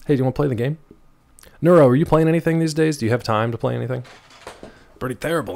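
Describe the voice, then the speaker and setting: A male livestream host chatting casually from home, playful and animated, jumping between high and low pitch. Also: quick pace, gravelly, pauses often. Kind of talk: casual chat while gaming.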